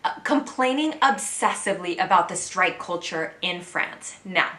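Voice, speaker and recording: A woman's voice: fairly low pitch, animated, normal speed, echoey room, over loud music. An American woman in her thirties chatting candidly to camera as a vlogger living abroad. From United States. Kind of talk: casual chat to camera.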